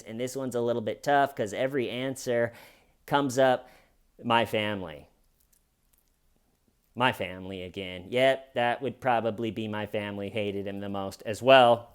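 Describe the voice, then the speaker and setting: A man giving casual true crime commentary in a sarcastic tone, acting out quotes in a mocking high voice. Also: clean tone.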